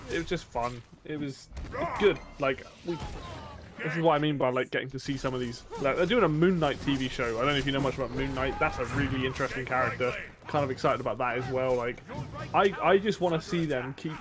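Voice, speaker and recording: Rambling enthusiastic streamer man. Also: medium pitch. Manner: rambling, enthusiastic, swears casually. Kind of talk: casual chat while gaming.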